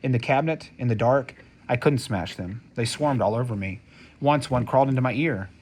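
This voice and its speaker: A man reading a novel aloud as an audiobook, in steady, measured first-person storytelling. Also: mid-range voice, a little hiss or hum. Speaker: audiobook narrator.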